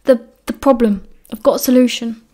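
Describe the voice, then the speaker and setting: A woman's voice: fairly high pitch, close to an everyday voice. A woman doing an earnest, urgent teenage wizard. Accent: British. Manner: urgent, hurried but steady.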